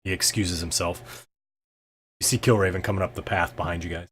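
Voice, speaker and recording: A man's voice: low voice, steady tone, fairly quick, slight background noise. A man narrating as game master of a tabletop game, casual and full of fillers.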